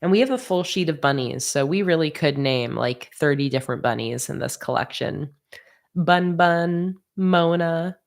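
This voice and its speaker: Low-voiced woman chatting while she draws. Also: moderate pace, creaky. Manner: chatty, reads viewer comments aloud and laughs easily. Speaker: sticker artist livestreaming. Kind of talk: casual livestream chat while drawing.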